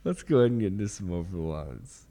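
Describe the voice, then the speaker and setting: A man's voice: low voice, expressive, fast talker, very noisy. A man hosting a podcast, chatting casually and telling a long joke in a laid-back storytelling way. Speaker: podcast host.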